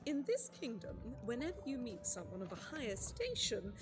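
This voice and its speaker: A syrupy condescending game courtier, high swooping voice, faint music. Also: female voice, huge pitch swings, moderate pace. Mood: patronizing. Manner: sugary, patronizing, coaxing. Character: patronizing courtly woman, falsely sweet.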